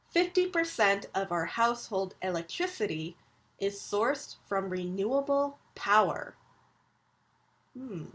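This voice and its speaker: A woman gives a recorded English lecture at a slow, deliberate pace. She speaks clearly, in a patient teacher's manner, and reads example sentences with lively intonation. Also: mid-range voice.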